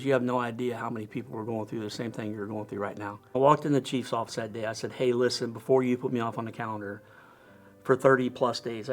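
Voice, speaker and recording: A middle-aged man, a firefighter lieutenant, giving an earnest, halting personal testimony with many pauses and restarts. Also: mid-range voice.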